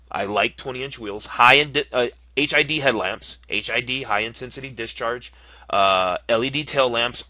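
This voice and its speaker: A man's voice: medium pitch, sharp tone, no room sound. A man talking casually as he clicks through options while building a car online, thinking aloud with frequent ums and uhs. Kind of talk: casual screen-recorded commentary.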